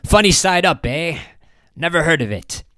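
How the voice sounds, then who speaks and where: A male narrator voicing a gruff, brisk military nobleman who talks in a clipped, commanding way. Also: on the high side, lively intonation, bright, forceful tone, dry recording, pitched above the performer's own voice. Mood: brusque.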